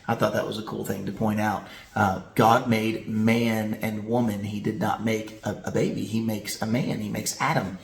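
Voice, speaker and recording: A man's voice: lowish voice, normal speed, vocal fry. A male pastor preaching a sermon, telling stories vividly and asking rhetorical questions. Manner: animated storytelling with rhetorical questions. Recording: roomy echo.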